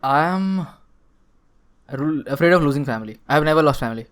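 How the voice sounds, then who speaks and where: A man's voice: on the high side, animated, moderate pace, fairly bright tone, clear, resonant tone. A young man co-hosting a casual podcast, joking at his own expense, swearing and filling his talk with "like". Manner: jokey and self-mocking, swears, fills talk with "like". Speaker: podcast co-host.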